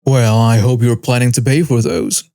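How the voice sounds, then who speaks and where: A man voicing a patient male store manager who speaks in a steady, measured way. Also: medium pitch, smooth, dry recording, studio quality, pitched below the performer's own voice, natural voice. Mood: firm. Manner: measured, firm.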